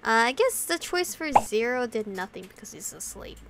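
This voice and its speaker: This let's play of a visual novel features a woman reading the narration with emotion and breaking in with giggly comments. Her voice is fairly high, sing-song, and creaky at a normal speed, with heavy background noise.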